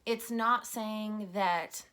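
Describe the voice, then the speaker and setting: Bright-voiced woman hosting a podcast. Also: mid-range voice, fairly even intonation, very slow, clean tone. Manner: candid, conversational, self-reflective. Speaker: podcast host. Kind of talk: solo podcast monologue.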